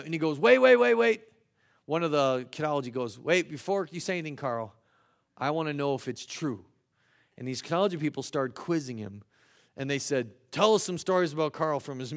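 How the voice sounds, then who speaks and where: A middle-aged man, a children's pastor, telling stories from his ministry in a lively talk, getting loud and high at the funny peaks. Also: gravelly. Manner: animated, swings loud and high at story climaxes.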